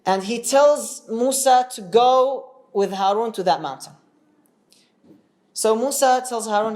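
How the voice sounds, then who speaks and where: A man telling a religious story in a casual, animated way, asking his listeners questions as he goes. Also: very high-pitched, takes it slowly. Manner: animated, chatty, asks the audience questions.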